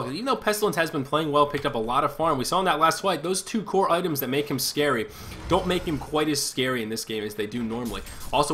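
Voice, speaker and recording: A man's voice: fairly high pitch, pushed and bright, a little hiss or hum. A man casting a live video game match solo, giving chatty play-by-play and thinking aloud as he corrects himself. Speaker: esports caster.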